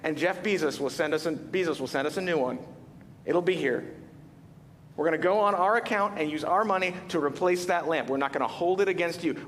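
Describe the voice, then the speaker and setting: Male pastor, high voice, animated sermon storytelling with rhetorical questions, reverberant church hall. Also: normal speed. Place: church sanctuary. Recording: reverberant hall with faint rumble.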